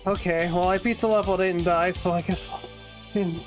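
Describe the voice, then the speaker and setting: A woman's voice: fairly low pitch, fairly even intonation, moderate pace, faint music behind. A woman streaming a video game, chatting casually with her viewers in a giggly, self-conscious way from her home. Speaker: vtuber streamer. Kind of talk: casual let's-play commentary. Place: home room.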